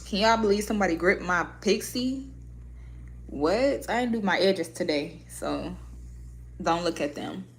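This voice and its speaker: A woman's voice: medium pitch, very animated, slow, long pauses, slight background noise. A woman vlogger chatting candidly with viewers, blunt and heavy on profanity, talking emotionally about herself. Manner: emotional, heartfelt. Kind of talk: casual candid chat to viewers.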